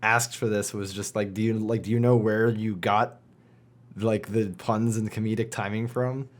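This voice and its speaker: A man hosting a podcast in casual interview chat, unhurried, laughing along with his guest. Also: lowish voice, flat delivery. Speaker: podcast host.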